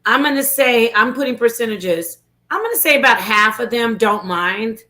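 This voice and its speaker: A lively woman from New York chats as a guest panelist and jokes as she talks. Her voice is bright and a little high. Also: moderate pace, low-quality recording. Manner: animated, joking. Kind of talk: casual panel chat.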